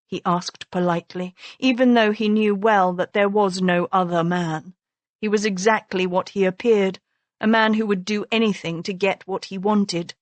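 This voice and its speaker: A woman narrating an audiobook novel in a measured, even storytelling manner. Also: mid-range voice, no room sound. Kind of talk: scripted narration.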